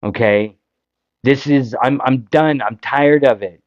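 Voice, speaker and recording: A Canadian man hosts a casual political talk show, frustrated and impassioned, firing off rhetorical questions. He speaks slowly at a medium pitch. The recording is dry and a little dull. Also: dry recording. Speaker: podcast host.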